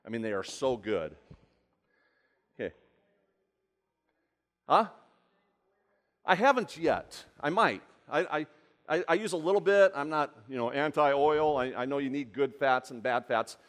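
A man's voice: mid-range voice, animated, a little slow, pauses often. A man giving a live cooking demonstration, chatty and rambling, often asking the audience questions. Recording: long hall reverb.

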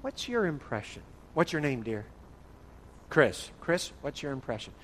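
A man's voice: mid-range voice, expressive, unhurried, fairly bright tone, slight background noise. A man from the northern United States teaching an interactive church Bible study session, playfully calling on listeners by name. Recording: long hall reverb.

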